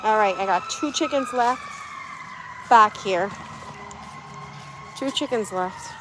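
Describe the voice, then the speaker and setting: A woman's voice: medium pitch, takes it slowly, noisy background. A woman vlogging outdoors by her chicken coop on a phone camera, chatting and coaxing her birds inside. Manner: coaxing, talks to her animals. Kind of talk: casual vlog chat.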